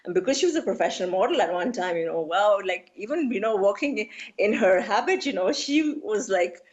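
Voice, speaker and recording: A woman's voice: mid-range voice, animated, brisk, dull audio. A woman in her forties from Pakistan with a Pakistani English accent, a guest telling stories in an interview, chatty and rambling with lots of "you know" and "like" fillers. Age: 40s. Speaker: interview guest, beauty influencer. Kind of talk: casual interview talk.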